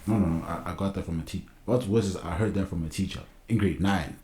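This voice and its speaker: A man's voice: sits low, fast talker, a little mellow. Laid-back South African guy bantering. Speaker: podcast co-host. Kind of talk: casual chat.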